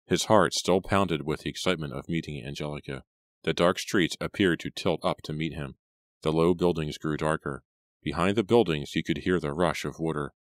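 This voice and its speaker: A man reading a horror audiobook in a measured, steady narration. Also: rumbling low, no room sound. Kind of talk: scripted narration.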